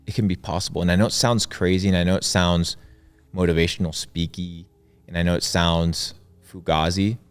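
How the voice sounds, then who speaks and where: A man's voice: low-pitched, fairly even intonation, a little fast, clean tone. A young man talking in an interview, preachy and emphatic, repeating his points for effect. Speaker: guest. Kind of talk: motivational interview talk.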